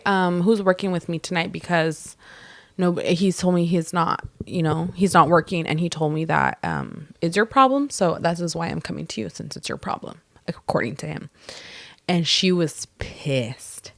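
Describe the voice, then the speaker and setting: A lively young woman with a lowish voice co-hosts a casual podcast chat, telling a story animatedly, acting out quotes and swearing freely. The studio sound is clean with no room sound.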